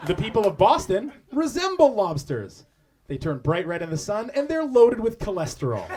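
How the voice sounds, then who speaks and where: A comic from Canada trades crude, mocking punchlines in a roast battle. His voice is high and lively, jumping around as he lands insults. It's a handheld mic on a club stage, in a noisy recording. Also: normal speed.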